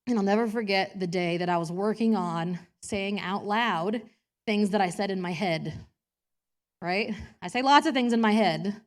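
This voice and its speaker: In a church, a woman preaches a personal sermon in a medium-pitched voice at normal speed. Chatty and self-deprecating, she laughs often and acts out quotes in different voices.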